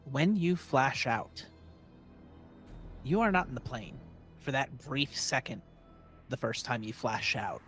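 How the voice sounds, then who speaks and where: A man running a tabletop game as game master, narrating scenes in a slow, hushed way. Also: mid-range voice.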